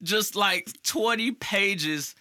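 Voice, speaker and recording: A young man co-hosting a casual chat, joking and laughing, dropping into low drawled asides. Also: extremely slow, pushed and bright. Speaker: podcast co-host.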